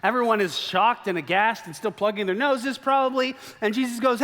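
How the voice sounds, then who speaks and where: Animated preaching man in a reverberant hall. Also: sits high, fairly quick, few pauses. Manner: lively storytelling, acts out quoted lines in animated voices. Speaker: pastor. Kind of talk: sermon. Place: church sanctuary.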